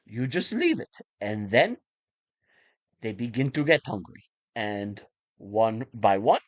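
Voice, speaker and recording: A man doing an impression of a calm, menacing middle-aged male film villain, delivering a theatrical monologue with a wavering put-on accent. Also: fairly low pitch, slow pace, highs cut off.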